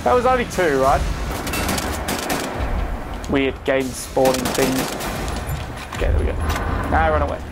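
A man giving chatty, excitable live commentary while playing a video game, talking to his viewers and swearing now and then. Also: mid-range voice, unhurried, pauses often, very noisy. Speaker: gaming video host. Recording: commentary over loud game gunfire.

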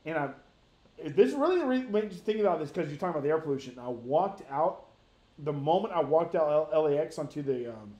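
Excitable man in his thirties. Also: on the high side, fast. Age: 30s. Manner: animated, profane, rambling with many restarts. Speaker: podcast co-host. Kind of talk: casual storytelling among friends.

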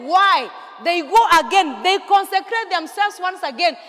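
A woman pastor, preaching a sermon with call-and-response questions and sudden shouted bursts. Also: very high voice, animated, measured pace, in a large hall. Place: large church hall.

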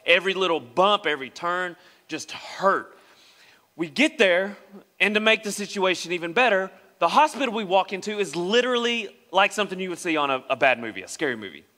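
A young man from West Tennessee, preaching as a pastor and telling a personal story in an animated way, acting out the voices of the people in it. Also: high voice, brisk. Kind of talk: sermon storytelling. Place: church sanctuary. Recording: long reverb of a church hall.

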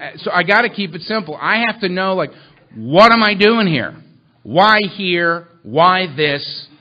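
A man speaking at a recovery meeting, telling humorous stories about himself and acting out the people in them. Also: sits high. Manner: self-mocking, animated, acts out quotes. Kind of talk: humorous storytelling talk. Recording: muffled lo-fi recording.

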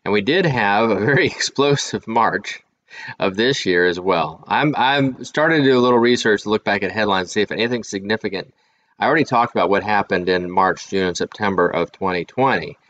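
A man's voice: lowish voice, fairly quick, fairly bright tone, muffled recording. A man hosting his own channel, thinking aloud in casual commentary with frequent restarts. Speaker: channel host.

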